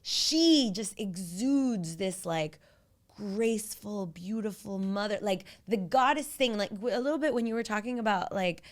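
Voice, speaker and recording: A woman's voice: mid-range voice, measured pace. A woman in her thirties co-hosts a casual podcast. She talks freely, piles up fillers, and slips into quoting herself mid-story. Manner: chatty, quotes herself, frequent "like". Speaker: podcast co-host. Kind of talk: casual chat.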